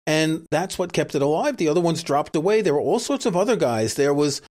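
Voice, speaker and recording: A man's voice: on the high side, animated, fairly quick, darkish tone. A man from New City, co-hosting a casual podcast and joking wryly. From New York City. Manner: wry, joking. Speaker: podcast co-host.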